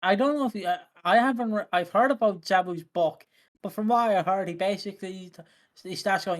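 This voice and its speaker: A man's voice: high-pitched, normal speed. A man co-hosting a casual podcast chat, telling stories with lots of laughter and swearing. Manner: laughing, profane storyteller. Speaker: podcast co-host. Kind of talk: casual chat reviewing wrestling.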